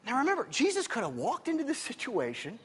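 A man's voice: very high voice, fast, husky, long reverb tail. A male preacher giving a sermon in a conversational style, often checking in with listeners. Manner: animated, conversational, keeps asking "okay?".

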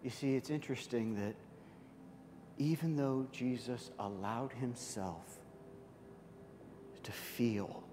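A man preaching a sermon, dramatic, swinging from loud, high outbursts to soft, hushed passages. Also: long reverb tail, background noise. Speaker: pastor.

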